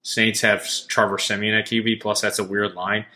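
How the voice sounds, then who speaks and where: A man's voice: lowish voice, little pitch movement, moderate pace, pushed and bright. A man co-hosting a casual sports betting podcast, joking around and swearing as he gives his picks. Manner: jokey and profane, goofing around. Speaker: podcast co-host.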